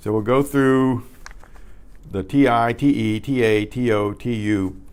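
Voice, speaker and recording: An older man teaching a beginner Spanish class, patiently repeating practice words and often clearing his throat. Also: medium pitch, steady tone, takes it slowly, darkish tone. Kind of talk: beginner language lesson. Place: community class room.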